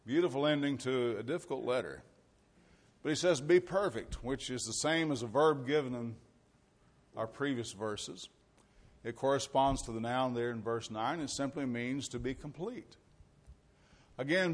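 A man's voice: medium pitch, normal speed. A man preaching a sermon to a congregation, mixing scripture readings with conversational, folksy asides. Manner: reads scripture aloud with rising emphasis.

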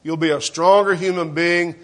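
Earnest man preaching, voice sinking softly. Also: steady tone, moderate pace. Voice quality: clears his throat often. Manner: earnest preaching, dropping low and soft at phrase ends. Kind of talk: sermon.

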